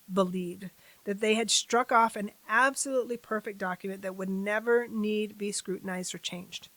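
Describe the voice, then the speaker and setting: A woman hosting a civics channel, reading a formal testimony aloud at a deliberate pace and breaking off for chatty asides to her viewers. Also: on the high side, no room sound, rough recording.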